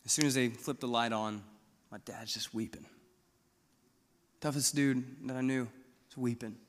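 A man's voice: medium pitch, steady tone, normal speed, big-room sound. A pastor from Missouri preaching a sermon, telling his testimony in a bold, outspoken, conversational way.

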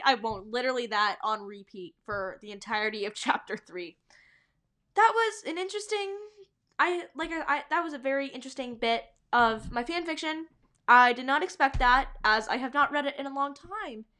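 A woman's voice: high-pitched, bright, forceful tone. A woman hosting a podcast, reading her old fanfiction aloud and breaking off with playful, giggly asides. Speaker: podcast host.

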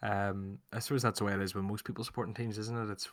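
A man's voice: on the low side, flat delivery, fast talker, a crowd in the background. A man hosting a casual podcast chat, chatty and reading out listener questions. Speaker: podcast host.

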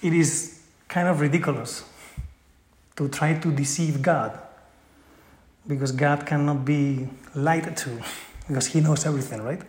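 A man's voice: a little high, unhurried, pauses often, darkish tone. A man giving a conversational spiritual talk, earnest, often checking in with his listeners. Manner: earnest, tags points with "right?". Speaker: spiritual speaker. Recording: echoey room.

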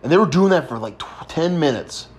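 A man's voice: on the high side, animated, a little fast, a little hiss or hum. A young man in his twenties telling a rambling, crude story in a casual chat. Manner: crude, rambling, laid-back. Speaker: podcast host.

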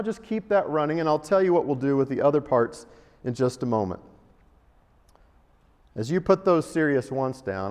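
A man delivers a sermon in a relaxed, talky manner and breaks into emphatic bursts. His voice sits a bit higher than most men's. A long hall reverb hangs after his phrases. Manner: conversational and emphatic, with sudden jumps in loudness. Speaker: preacher.

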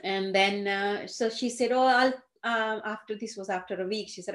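A woman, a Gujarati speaker who tells her life story haltingly, with many fillers and restarts. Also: medium pitch, fairly even intonation. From India (Gujarat). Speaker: interviewee. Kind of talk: personal storytelling. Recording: roomy echo.

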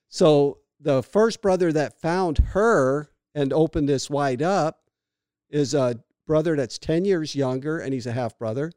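A middle-aged man co-hosting a podcast, telling stories in a lively way and laughing often. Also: on the high side, normal speed, smooth, dry recording, studio quality. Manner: animated storyteller who laughs often. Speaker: podcast co-host. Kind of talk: casual chat.

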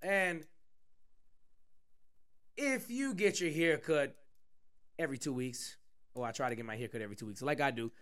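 A man's voice: fairly high pitch, moderate pace, pauses often, fairly bright tone, smooth. A man co-hosting a casual sports podcast, teasing and laughing, swearing casually. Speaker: podcast co-host.

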